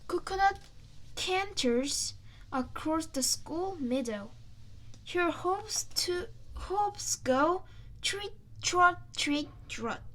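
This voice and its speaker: A woman reading a children's picture book aloud in a slow, sing-song way, playing up sound words and animal noises. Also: very high voice, expressive, fairly bright tone. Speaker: storyteller.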